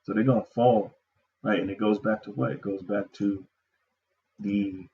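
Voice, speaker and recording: Low-voiced man preaching from scripture. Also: fairly even intonation, vocal fry, warm tone, lo-fi sound. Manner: reads verses slowly, explains in casual asides; frequent "all right" and "okay" tags. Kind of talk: scripture teaching.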